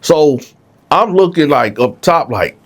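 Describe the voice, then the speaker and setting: Animated man telling a story. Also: a little high, slow. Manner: animated, dramatic, keeps asking "right?". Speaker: show host telling a prison story. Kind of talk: casual storytelling.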